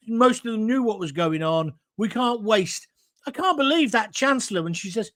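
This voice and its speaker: Host, combative sarcastic rant, pitch jumping all over. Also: male voice, sing-song, moderate pace, fairly bright tone. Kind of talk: political opinion rant.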